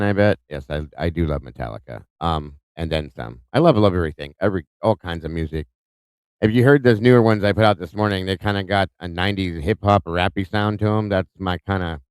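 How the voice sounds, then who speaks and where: A deep-voiced man hosting a live stream, greeting viewers one by one in a chatty, upbeat way. His voice is smooth and clear, recorded close and dry with no room sound. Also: no room sound. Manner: upbeat, chatty, reads out viewer names warmly with small stumbles. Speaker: host of a live true-crime stream.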